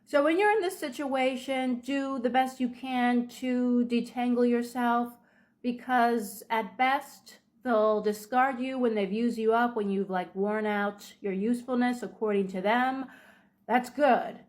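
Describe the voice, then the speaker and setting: A woman talking in a casual advice vlog, unhurried, with frequent ums and restarts. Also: fairly high pitch, fairly even intonation. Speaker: video creator.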